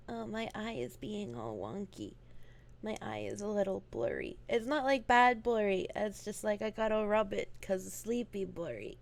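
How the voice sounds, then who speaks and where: A woman streams live, chatting casually in a groggy morning voice with vocal fry. Her medium-pitched voice is expressive at a moderate pace, and she swears freely and laughs often.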